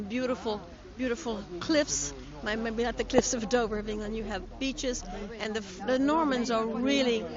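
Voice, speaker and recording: An older American woman, a guest in an outdoor interview, telling stories in a chatty way. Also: a little high. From United States. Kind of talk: casual on-location interview. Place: outdoors at a public ceremony. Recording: lo-fi outdoor audio with crowd.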